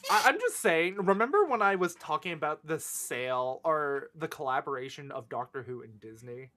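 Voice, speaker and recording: A young man co-hosting a casual fan podcast, animated and quick to react, with the odd swear. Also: on the high side. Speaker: podcast co-host.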